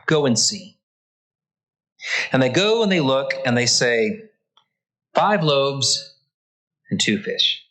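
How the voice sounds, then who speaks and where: A man's voice: medium pitch, very animated, slow pace, long pauses, sharp tone, poor audio. Male Bible class teacher, earnest and emphatic, reading and explaining scripture. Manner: reads passages then stops to comment.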